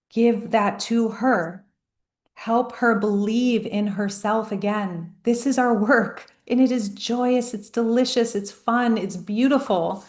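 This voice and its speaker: A woman life coach giving a motivational talk, emphatic and storytelling, slowing down on key phrases. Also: medium pitch, darkish tone, reverberant.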